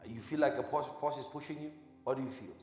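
A man preaching as a pastor. He quizzes the congregation with short questions, then gives quiet instructions during a live demonstration. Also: medium pitch, quick pace. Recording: echoey hall with music behind.

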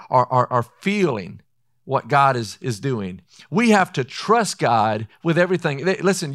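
A man preaching a sermon in an earnest way. He slows down to read scripture and often says "listen". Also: on the high side, fairly bright tone.

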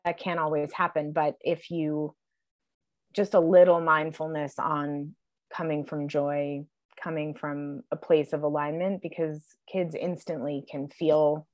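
A woman in her forties, a guest on a podcast, talking reflectively and softly with frequent pauses. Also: low-pitched, steady tone. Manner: reflective, soft-spoken, many fillers. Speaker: guest, TV writer and producer. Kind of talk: casual conversation.

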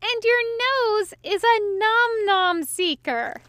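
A woman's voice: extremely high pitch, lively intonation, slow pace, a bit bright, no room sound, voice pushed up, exaggerated voice. A woman voicing a drunk, gleeful male angel who teases with cackling glee, in a fan fiction audiobook. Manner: laughing, gleeful teasing.

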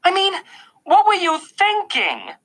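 A man reading an audiobook voices an upset, exasperated mother, pushing his voice high and pleading. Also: very animated, measured pace, bright, forceful tone, full character voice.

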